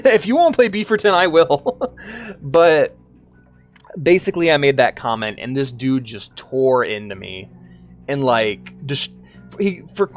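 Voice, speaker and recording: A male streamer talks casually while playing, rambling and sheepish, stumbling over his words and swearing freely. His pitch sits in an ordinary middle range. Music plays faintly behind him. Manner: rambling, sheepish, swears a lot, many restarts.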